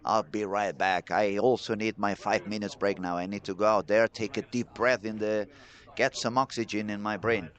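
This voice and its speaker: Excitable male bowling commentator. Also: lowish voice, moderate pace. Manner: excitable, chatty, talks to the chat. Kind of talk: live sports commentary.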